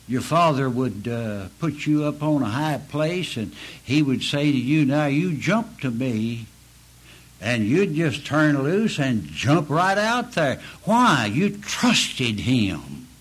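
A man preaching a sermon, slow and earnest, pleading with his listeners and rising to emphatic peaks. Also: mid-range voice, slightly rough, poor audio.

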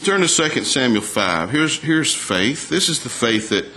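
A man preaching a sermon at a middling pitch. He talks in a folksy, conversational way, reads scripture aloud and often turns to the congregation with a question. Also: big pitch swings, normal speed, pushed and bright.

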